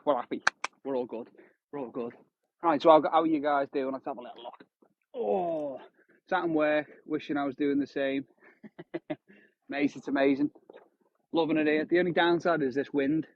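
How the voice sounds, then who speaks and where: A man in his thirties livestreams himself fishing on a windy shore, chatting casually with viewers. His pitch sits in the middle range, and the phone audio comes through dry and tinny with no room sound.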